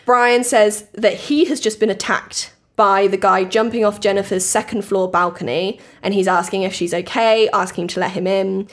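A woman's voice: mid-range voice, steady tone, moderate pace, hardly any pauses. Chatty woman telling a story. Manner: chatty, laughs often, acts out quotes. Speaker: podcast host telling a true crime story. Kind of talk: casual chat and storytelling.

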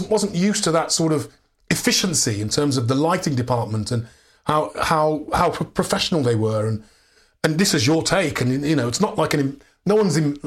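An English actor, a man, telling anecdotes as a guest in a candid interview, restarting sentences and laughing often. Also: fairly high pitch. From England. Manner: animated storyteller, many restarts and laughs.

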